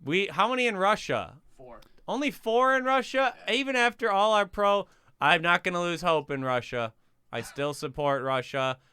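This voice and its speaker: Bright-voiced sarcastic man. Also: high-pitched, animated, clear, resonant tone, no room sound. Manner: teasing, sarcastic, quick to laugh. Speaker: podcast co-host. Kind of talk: casual comedic banter.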